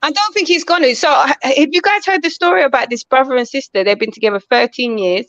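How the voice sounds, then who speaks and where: A woman's voice: high voice, quick pace, fairly bright tone, no echo, dull audio. A woman hosting a live online panel, chatting and telling stories playfully. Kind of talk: casual chat on a live panel.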